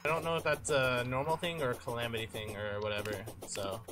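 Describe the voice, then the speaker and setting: A young man giving rambling, self-mocking commentary while playing a game, swinging between mumbles and loud outbursts. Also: mid-range voice, quick pace. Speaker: gaming YouTuber. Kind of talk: casual gameplay commentary. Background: game music.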